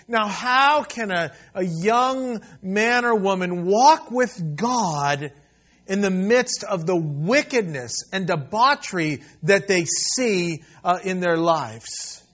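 A man preaching a sermon in an earnest way, repeating and restarting words, swelling loud and then dropping soft. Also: high voice, highs cut off. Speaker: pastor.

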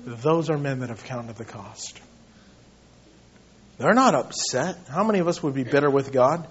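A pastor preaching a sermon, moving from loud urgent appeals to hushed quiet passages, with a husky voice. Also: male voice, mid-range voice, lively intonation, moderate pace, highs cut off. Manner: dramatic preaching, swings between shouting and hushed tones.

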